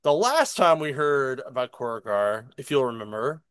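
A man's voice: medium pitch, animated, moderate pace, a bit bright, clear, resonant tone, dry recording, studio quality. A man casually recapping and reviewing a comic book on a podcast, rambling with fillers and laughing often.

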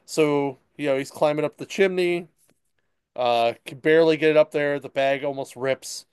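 A man chats loosely about a comic, circling back and jumping into little voiced asides as he retells it. His voice is smooth and clear, recorded close and dry with no room sound. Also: a little high, a little mellow, no echo. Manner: rambling, retells stories with quick voiced asides. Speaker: comic book podcast host. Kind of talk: casual chat.

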